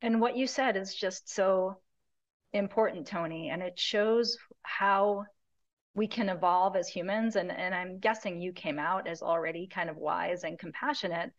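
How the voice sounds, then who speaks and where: A woman hosting an interview, speaking in a gentle, reflective and affirming way. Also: lowish voice, unhurried, lo-fi sound. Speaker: podcast host. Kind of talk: interview conversation.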